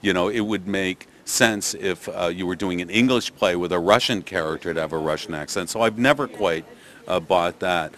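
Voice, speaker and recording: Deep-voiced Canadian man, older. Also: moderate pace, fairly bright tone, a little hiss or hum. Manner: thoughtful, many restarts and fillers. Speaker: theatre director. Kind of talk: press interview.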